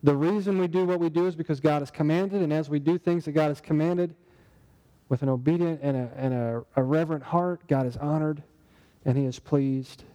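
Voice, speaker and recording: A man's voice: fairly high pitch, brisk, dark tone, long reverb tail, dull audio. A man preaching a sermon in a conversational way, asking the congregation rhetorical questions. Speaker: pastor.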